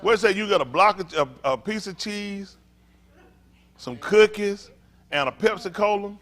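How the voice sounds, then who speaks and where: A pastor joking and teasing his congregation in a playful, animated sermon, laughing often. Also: high-pitched, normal speed.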